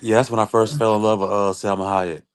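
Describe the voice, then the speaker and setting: Laid-back low-voiced man on a livestream. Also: flat delivery, fast, clean tone. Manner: laid-back, laughs often. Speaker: livestream co-host. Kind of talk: casual commentary chat.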